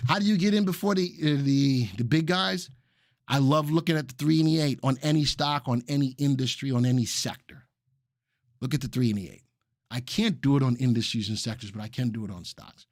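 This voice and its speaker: A man hosting a live stock analysis webinar, excited and repeating phrases for emphasis while he talks to chat viewers. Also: mid-range voice, brisk, no room sound, clean studio sound. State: excited and sweating. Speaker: stock market webinar host.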